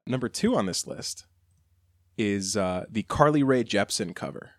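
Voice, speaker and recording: A man's voice: on the low side, expressive, a little slow, no room sound, clean studio sound. A man co-hosting a podcast, chatting casually and enthusiastically about songs. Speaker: podcast co-host. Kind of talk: casual chat.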